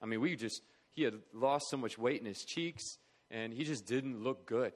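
A middle-aged man, earnest and conversational, recounts a personal story at a charity talk. His pitch sits in an ordinary middle register, and his delivery feels plain and sincere. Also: moderate pace. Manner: earnest, conversational, acts out quoted voices. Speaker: charity speaker.

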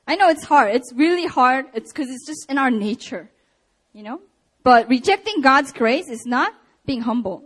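A young woman preaching a sermon and telling a personal story, animated with laughs and acted-out quotes. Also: high voice.

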